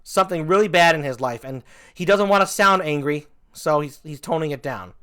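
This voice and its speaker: Male comic ranting animated, bright voice, jumps between loud outrage and low mutters. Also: brisk, clear, resonant tone. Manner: animated, swings from mock outrage to low asides. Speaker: stand-up comedian. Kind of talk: comic stand-up rant.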